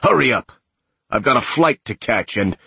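A man voicing a sadistic, mocking male corporate killer in an audiobook, taunting and shouting in anger. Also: on the low side, very animated, a little slow, breathy edge, dry recording, full character voice. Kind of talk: audiobook character voice.

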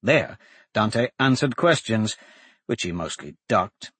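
Husky male audiobook narrator. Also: fairly low pitch, animated, fairly bright tone. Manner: measured, dramatic storytelling.

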